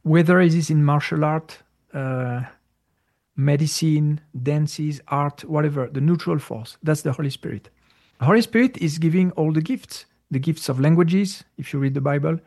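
Guy with a higher gravelly voice, stops and restarts a lot, feels around for the right words. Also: darkish tone. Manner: halting, searching for words, many fillers and restarts. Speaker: spiritual teacher answering questions. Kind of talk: casual spoken Q&A.

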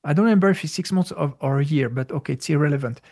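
A man speaking English as a second language, explaining spiritual ideas in a casual, halting way with many fillers and searches for words. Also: fairly high pitch, darkish tone. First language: not English. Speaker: spiritual teacher. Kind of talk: casual conversational talk.

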